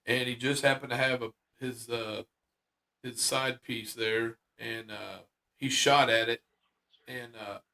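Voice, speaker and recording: A man's voice: mid-range voice, fairly even intonation, slow, creaky, pushed and bright. A man casually retelling a secondhand paranormal story on a talk show, rambling with lots of fillers and restarts.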